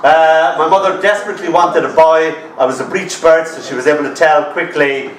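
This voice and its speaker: A man's voice: fairly high pitch, fairly even intonation, fairly quick. A wry Irish man in his fifties spins comic stories in a slightly raised voice and teases the crowd as he goes. The room is echoey, and the mic sits some way off in a bar. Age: 50s. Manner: wry, chatty, teasing the audience. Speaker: storyteller. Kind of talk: live comic storytelling. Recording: roomy sound from a distant mic.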